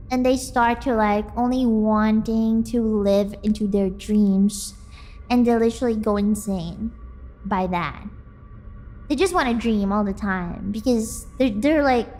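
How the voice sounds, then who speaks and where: A woman streamer chatting casually with her viewers, excitable and quick to laugh. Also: a little high. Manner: excitable, bursts into squealing and laughter. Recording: faint music in the background.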